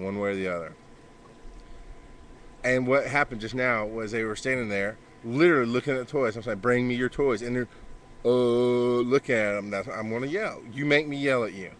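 Casting: bright-voiced man, blunt and profane vlog talk, outdoors, faint noise behind. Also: mid-range voice. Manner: blunt, profane, yells at his kids. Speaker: podcaster and father. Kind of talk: casual vlog monologue. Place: outdoors by a backyard pool.

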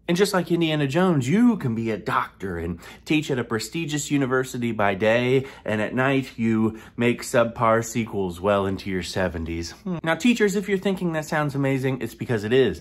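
A man's voice: mid-range voice, big pitch swings, normal speed, hardly any pauses. A man hosting a comedic sponsored countdown, talking playfully with sudden whispered asides. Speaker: comedian host of a sponsored segment.

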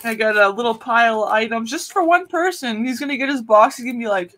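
A woman runs a live jewelry auction in a relaxed, chatty way. Her voice sits a little above average in pitch. She keeps up easy talk with her viewers and laughs often. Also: quick pace. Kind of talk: casual live-stream selling chat.

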